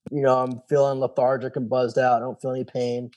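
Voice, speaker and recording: A man in his thirties tells his story in a casual interview. His voice is mellow and warm, and he acts out the people he quotes. He swears casually as he talks. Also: medium pitch, little pitch movement, a little fast. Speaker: guest, former special operations soldier.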